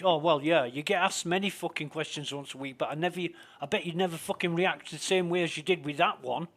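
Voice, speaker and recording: A man chats while he plays a game, venting in a loose, rambling way with plenty of swearing. His voice sits a little high for a man. He sounds indignant as he goes from one grumble to the next. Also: moderate pace, a bit bright. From Britain. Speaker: game streamer. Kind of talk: casual ranting commentary while gaming.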